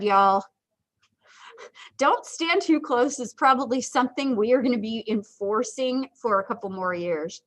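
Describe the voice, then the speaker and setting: Chatty high-voiced woman lecturing. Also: a bit bright, poor audio. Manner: chatty, joking asides, lots of ums. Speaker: psychology instructor. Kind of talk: casual livestream lecture.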